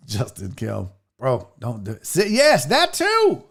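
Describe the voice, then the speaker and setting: A man's voice: mid-range voice, very slow, vocal fry, breathy edge. A man hosting a casual show, ranting comically and profanely about pet peeves while reading viewer comments. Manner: profane, exasperated, animated storytelling. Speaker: show host.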